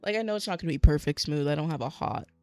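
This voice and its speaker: Rapid-fire yet mellow, a mid-range voice carries over soft background music. A young adult is crafting on a livestream and rambling through a long, exasperated tale, imitating what other people said.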